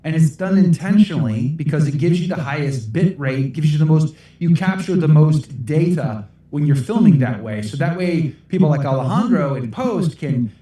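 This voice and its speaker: A man's voice: on the high side, animated, normal speed, few pauses, warm tone, heavy reverb, recorded from a distance. A middle-aged American man answering livestream questions in a rambling, self-deprecating way, laughing often. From United States. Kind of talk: casual livestream Q&A.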